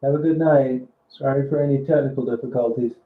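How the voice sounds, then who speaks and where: A man's voice: mid-range voice, fairly even intonation, a little fast. A man with a Kentucky accent chatting casually on a live stream, cooing baby talk to his dog and swearing at the TV. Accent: Kentucky Southern. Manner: swears at the game on TV. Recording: echoey far-off phone-like audio.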